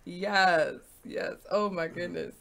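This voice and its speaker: A woman's voice: fairly low pitch, slow, gravelly, fairly bright tone. A woman hosting a radio talk show, casual and frank, laughing often. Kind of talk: casual chat. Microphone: studio microphone.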